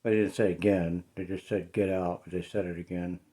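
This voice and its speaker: A man's voice: low voice, fairly even intonation, brisk, very noisy. A man talking casually in a home vlog, hesitant and uneasy, with lots of ums and uhs. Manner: hesitant, many fillers, uneasy. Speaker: paranormal vlogger. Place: his home, indoors.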